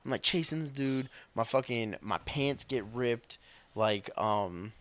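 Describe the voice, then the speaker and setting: A young man, a police officer and podcast co-host, telling stories in casual chat, animated and swearing, often laughing. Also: mid-range voice, a little slow.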